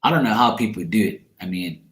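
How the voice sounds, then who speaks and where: A man's voice: on the low side, lively intonation, quick pace, fairly bright tone. A man, a tarot card reader, chatting casually with viewers on a live stream at the end of a tiring day, blunt and joking and swearing freely. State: tired at end of long day. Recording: roomy echo.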